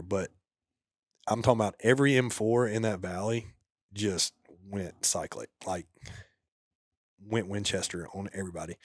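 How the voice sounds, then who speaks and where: Man, podcast guest, former soldier, casual storytelling, lowish voice, dry close mic. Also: no echo. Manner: laid-back, dropping to a low murmur at grim moments.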